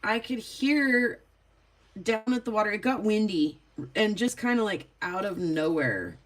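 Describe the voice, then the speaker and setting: A woman's voice: mid-range voice, animated, a little slow. A woman vlogger telling a story casually, rambling and chatty with lots of filler words. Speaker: vlogger and rockhound.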